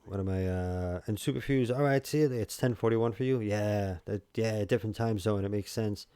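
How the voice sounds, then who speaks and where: A man's voice: on the low side, normal speed, mellow, clean tone, dry recording. A man with a New York accent, chatting casually to his viewers while streaming a game, rambling with lots of fillers and restarts. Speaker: livestream host. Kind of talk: casual livestream chat.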